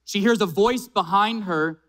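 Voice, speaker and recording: A man preaching an Easter sermon as a pastor, emphatic, slowing down and repeating key phrases for weight. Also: sits high, fairly bright tone.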